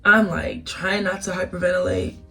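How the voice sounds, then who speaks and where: A young woman telling a casual storytime vlog, animated and emotional, laughing through tears. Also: on the low side, normal speed, creaky. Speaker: vlogger. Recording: distant mic with music behind.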